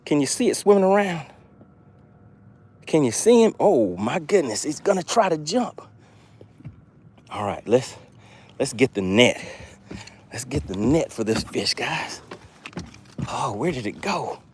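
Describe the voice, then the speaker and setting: A man hosting a live fishing stream, talking excitedly to his chat viewers. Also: medium pitch, a little slow, long pauses, breathy edge. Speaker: fishing livestream host.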